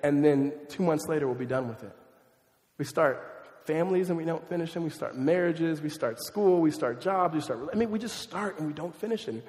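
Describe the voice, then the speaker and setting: Animated man preaching in an echoey hall. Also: on the high side, fairly quick. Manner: conversational, animated, self-deprecating asides. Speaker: pastor. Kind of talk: sermon. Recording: echoey hall, long reverb.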